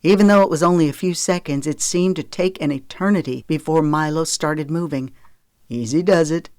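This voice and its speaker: A narrator reading a novel in a steady, measured voice at an even, middle pitch. The recording is close and dry, with no room sound. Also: clean tone, no room sound. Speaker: audiobook narrator. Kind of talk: scripted narration of a romance novel.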